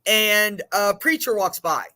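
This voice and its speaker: High-pitched male group leader, animated storyteller, casual and heartfelt. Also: slow. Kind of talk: support group sharing.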